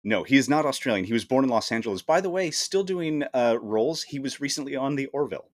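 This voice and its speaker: A man's voice: mid-range voice, lively intonation, quick pace. A man co-hosts a casual movie podcast, talking through a film from his notes. He has a middling voice and sounds baffled and incredulous, picking apart every odd scene. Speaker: podcast co-host. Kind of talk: casual movie-riffing chat.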